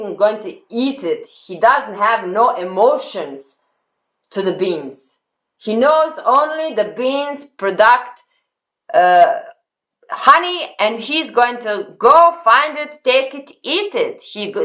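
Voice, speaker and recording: A woman hosting a reaction video, commenting on a clip in halting phrasing that repeats words as she goes. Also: on the high side, a bit bright.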